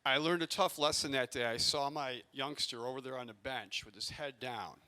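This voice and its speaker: Youth coach guy telling stories to a crowd, animated, acts out the yelling, bright voice. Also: medium pitch, normal speed. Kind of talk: storytelling talk to a community audience. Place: arena event space.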